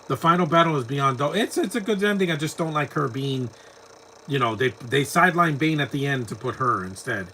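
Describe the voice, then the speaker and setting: A man talks along with a film in a loose, mocking way and laughs often at what he sees. His voice is bright and forceful. A faint murmur of background sound sits under his speech. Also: mid-range voice, lively intonation, brisk, slight background noise. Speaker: movie commentator. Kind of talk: casual live movie commentary.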